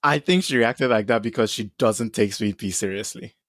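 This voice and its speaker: A man's voice: on the low side, moderate pace, fairly bright tone, no echo. A man co-hosting a podcast, chatting animatedly about a TV episode, often laughing and acting out quotes. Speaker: podcast co-host. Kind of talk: casual TV recap chat.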